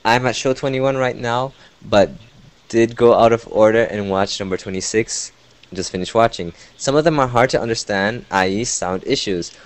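A man's voice: fairly low pitch, normal speed, rough recording. A male podcast host reading out listener email in casual chat, interrupting himself with asides, often sounding sarcastic without meaning to.

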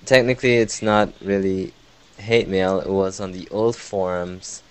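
A man's voice: deep voice, steady tone, measured pace, clean tone, rough recording. A male podcast host reading out listener email in casual chat, interrupting himself with asides, often sounding sarcastic without meaning to.

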